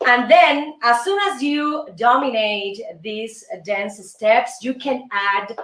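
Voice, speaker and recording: A woman with a high voice leads a casual salsa lesson, chatty and playful, counting the steps aloud. She speaks at a slow, easy pace. The sound is roomy and distant, with music in the background. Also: a bit bright. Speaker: host and dance teacher.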